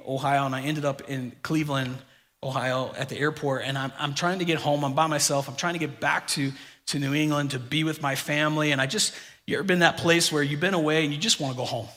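A male pastor delivers his sermon in a bright, forward voice pitched a little high. He talks to the room like friends, telling stories and swinging from loud punchlines to quiet, hushed emphasis. His voice carries a long reverb from the large hall. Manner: conversational storytelling, dynamic swings from loud to hushed.

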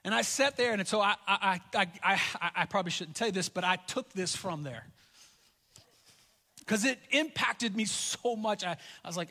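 A middle-aged man preaching a sermon as a pastor, earnest and animated, often stumbling and repeating words as he tells personal stories. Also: sits high, moderate pace. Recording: long reverb of a large hall.

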